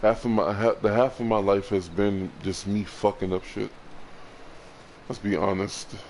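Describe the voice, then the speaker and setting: A man's voice: fairly low pitch, flat delivery, a little mellow, slight background noise. Upset man stumbling through a vlog confession. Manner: halting, repeats words, swears. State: frustrated and upset. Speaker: vlogger.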